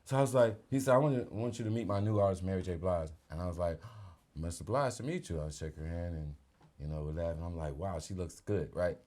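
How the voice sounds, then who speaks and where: A man's voice: deep voice, fast. A middle-aged man, an R&B singer, telling stories in a casual interview and acting out the people he quotes. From North Carolina. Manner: animated storyteller acting out quoted voices.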